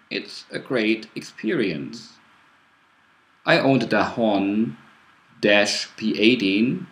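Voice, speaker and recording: A man's voice: lowish voice, echoey room. A man from Germany with a German accent, giving a casual, matter-of-fact first-impression review in English as a cycling blogger. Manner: plain, matter-of-fact, slow and careful in English.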